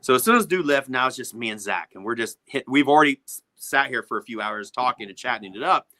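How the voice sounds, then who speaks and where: A middle-aged man, a music producer, telling studio stories as a guest with lively, swearing energy, acting out the people he quotes. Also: mid-range voice, fast, no room sound. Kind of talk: animated storytelling in a podcast interview.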